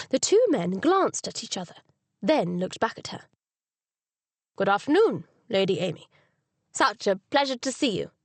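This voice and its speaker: A woman reading a cozy mystery audiobook as narrator, with expressive storytelling on a close studio mic. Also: medium pitch, dry recording. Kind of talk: scripted narration.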